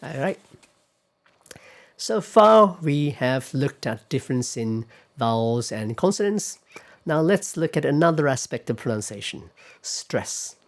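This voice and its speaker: Guy teaching a pronunciation class, talks real slow, patient, keeps asking the students stuff. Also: mid-range voice, big pitch swings. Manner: patient, explains step by step, asks the class questions. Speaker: lecturer.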